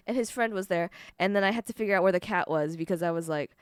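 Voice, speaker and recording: Young woman streamer, clear and crisp, chatty and rambling with casual swearing, close and dry. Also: mid-range voice, lively intonation, no room sound. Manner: rambling, swearing, quick self-corrections. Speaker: livestreamer.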